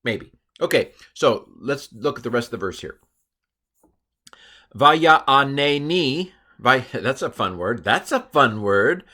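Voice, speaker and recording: Middle-aged male teacher, chatty and playful, bright voice, explaining Hebrew grammar. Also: mid-range voice, expressive, moderate pace, few pauses, breathy edge. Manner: chatty and self-correcting, with playful asides. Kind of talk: recorded lesson walking through slides.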